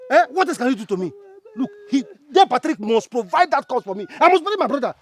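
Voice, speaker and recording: A furious stammering younger brother. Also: male voice, extremely high pitch, big pitch swings, quick pace, exaggerated voice. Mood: distraught. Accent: Nigerian. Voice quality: stammering, repetitive shouting. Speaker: younger brother in a family feud. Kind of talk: Nollywood film acting.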